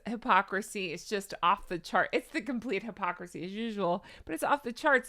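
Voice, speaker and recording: A woman's voice: a little high, pushed and bright. A woman hosting an opinionated celebrity commentary, sarcastic and incredulous, hedging her claims with asides. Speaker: commentary host.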